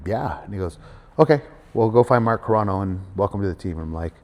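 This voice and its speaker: Fast-talking low-voiced man, animated storyteller. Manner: animated storyteller, acts out quoted voices, many fillers. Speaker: guest wrestler. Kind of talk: casual storytelling interview. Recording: hall reverb.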